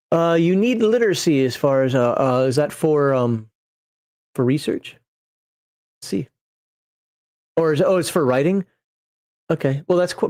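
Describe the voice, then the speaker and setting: Male streamer and game master, casual rambling talk, a bit higher pitched, dry close sound. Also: darkish tone, no echo. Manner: rambling and digressive, chuckling at himself. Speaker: game master and channel host. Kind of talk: casual livestream chat building a character.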